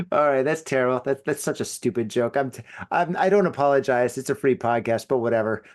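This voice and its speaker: A man's voice: mid-range voice, fast. Rambling, joking male podcast host. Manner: rambling, joking, filler-heavy. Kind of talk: solo podcast, reading news.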